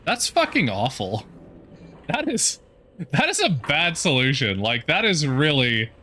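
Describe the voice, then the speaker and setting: A man's voice: fairly high pitch, very animated, a little slow, sharp tone. A man casually commenting while streaming a video game, swearing freely as he talks. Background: game music.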